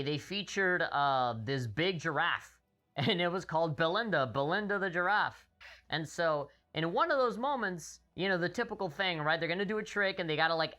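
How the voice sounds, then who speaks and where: A young man chats live while playing, his tone bright and pushy. He rambles, swears freely and piles on restarts. Faint game music plays under his voice. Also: on the high side. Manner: rambling, profane, animated. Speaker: game streamer. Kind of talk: live stream storytelling.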